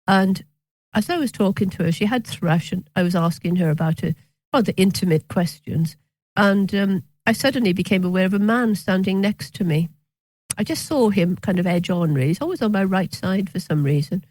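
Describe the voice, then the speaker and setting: A woman, a physician telling stories as an interview guest, hesitant with many pauses and restarts, wry at times. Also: medium pitch, expressive, darkish tone, no room sound, poor audio. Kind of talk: conversational storytelling interview.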